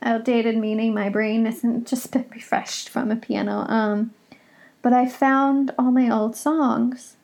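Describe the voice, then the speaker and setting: Gravelly young woman, emotional podcast host. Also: a little high, steady tone, slow pace, darkish tone. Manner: rambling, emotional and confessional. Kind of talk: solo podcast monologue. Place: home.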